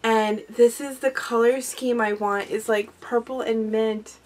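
A young adult woman excitedly chatting through a craft mail unboxing, gasping and gushing over each item. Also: on the high side, a little slow. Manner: gushing, excitable, gasps often. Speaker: craft vlogger. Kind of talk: casual unboxing chat.

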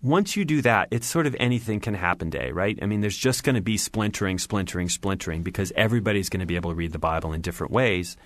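A man's voice: sits low, expressive, fast talker, hardly any pauses, no room sound. A man talks through his answers in an interview. He is thoughtful and restarts phrases, weaving in fillers. The sound is dry and close. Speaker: author and scholar of religion, interview guest.

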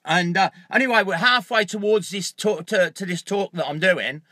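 A middle-aged man talking straight to his viewers, telling stories with animated energy and swearing freely. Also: sits high, moderate pace, no room sound, studio quality. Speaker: motivational speaker. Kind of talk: casual self-recorded video talk.

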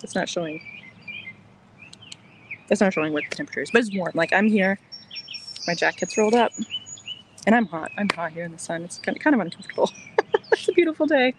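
A soft-spoken woman hosting a casual crochet livestream outdoors in the sun, chatting in a rambling, reassuring way. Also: mid-range voice, lively intonation, fairly quick, pauses often, noisy background. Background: birds chirping.

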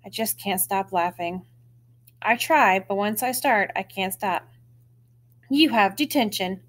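Woman reading a children's book aloud. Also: a little slow. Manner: expressive storytelling with lively pitch lifts.

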